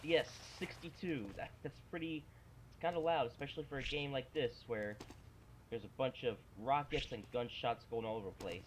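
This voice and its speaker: A man narrates his own gameplay in a loose, excitable let's-play style, cracking jokes and swearing casually into a desktop mic. His voice sits at an ordinary middle pitch. Heavy game noise, rockets and gunshots, plays loudly behind him. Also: normal speed. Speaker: gaming channel host. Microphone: desktop microphone. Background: loud game sounds.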